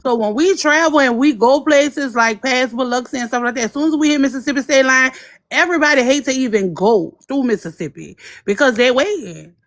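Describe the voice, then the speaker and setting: A woman's voice: high-pitched, brisk, fairly bright tone. A woman from New Orleans, a guest on a casual livestream, talking in an emphatic, opinionated way.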